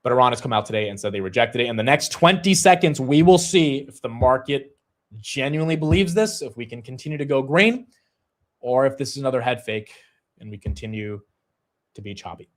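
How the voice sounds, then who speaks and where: Man, livestream host, casual market commentary, energetic, chatty. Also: mid-range voice, brisk. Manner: conversational, energetic, fillers like "you know". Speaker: stock market show host.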